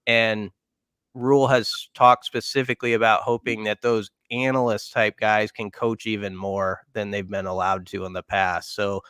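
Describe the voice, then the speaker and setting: A man co-hosting a casual sports podcast, weighing things out loud and stopping to restart his thoughts. His voice sits low and comes across smooth and resonant, with a dry, close sound and no room around it. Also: little pitch movement, moderate pace, dry recording. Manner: thinking aloud, many fillers and restarts. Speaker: podcast co-host.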